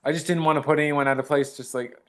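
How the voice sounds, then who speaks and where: A man's voice: a little high, fairly even intonation, fast, fairly bright tone. A man, an actor, talking modestly in a casual interview and retelling fan encounters with quoted dialogue. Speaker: actor guest.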